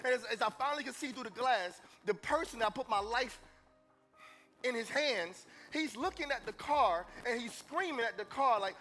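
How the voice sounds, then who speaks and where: A man giving a live motivational speech at a conference, preacherly, moving between hushed confession and loud calls to the audience. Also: very high-pitched, lively intonation, a little fast, faint music behind. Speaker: motivational speaker. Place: conference stage before an audience.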